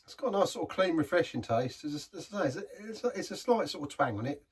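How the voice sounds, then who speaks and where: A man talks through a beer in a casual review. His voice is husky and sits back from the mic, a bit distant in the recording. He rambles, trails off and restarts mid-sentence. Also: on the high side, lively intonation, fast.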